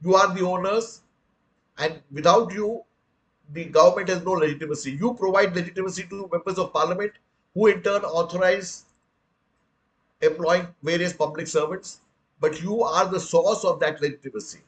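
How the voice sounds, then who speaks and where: A man's voice: high voice, moderate pace, rough recording. An older man from India with an Indian English accent gives an earnest public lecture full of rhetorical questions and addresses his listeners as friends. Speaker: guest speaker.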